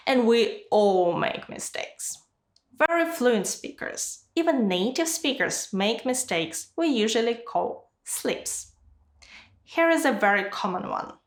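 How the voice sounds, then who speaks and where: A woman giving a scripted online lesson as an exam-prep teacher, in a clear, measured way. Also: on the high side, echoey room. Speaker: IELTS teacher.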